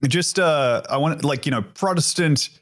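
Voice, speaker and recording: A man's voice: fairly high pitch, normal speed, a bit bright, dry recording, clean studio sound. A man with an Australian accent telling crude, laughing stories as a podcast guest in casual chat.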